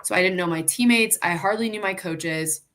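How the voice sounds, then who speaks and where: A woman's voice: medium pitch, brisk. A woman in her twenties, a former college athlete and coach, talking casually on a podcast and acting out quotes as she tells a story. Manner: animated storyteller, acts out quotes, laughs often.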